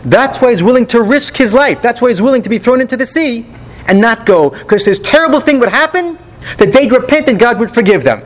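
A man with a notably high voice leads a Bible study lesson. He talks in an animated, rhetorical way, posing questions to his listeners and answering them himself. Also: a little fast, poor audio. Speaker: Bible teacher.

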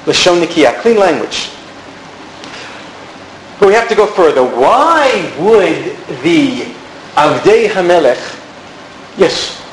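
A man's voice: sits high, very animated, slow, pauses often. Man teaching a class in an echoey room. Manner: explanatory, asks the class questions. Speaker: Bible teacher. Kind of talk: classroom Bible lesson. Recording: echoey room, some background noise.

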